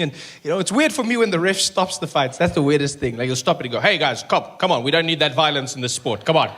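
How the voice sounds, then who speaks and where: A young South African man doing a stand-up comedy set, telling stories in an animated way and jumping into high mock outrage. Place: comedy stage before a live audience.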